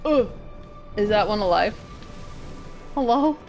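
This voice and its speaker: A woman's voice: mid-range voice, lively intonation, takes it slowly, music in the background. A woman in her thirties chatting casually while streaming a game, giggly and playfully swearing. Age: 30s. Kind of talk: casual gameplay commentary.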